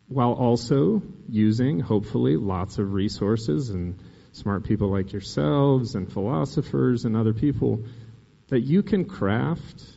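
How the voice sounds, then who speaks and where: A man hosting a casual interview, thoughtful and searching, often pausing with fillers. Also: lowish voice, vocal fry, warm tone. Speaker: podcast host. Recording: dull sound with long reverb.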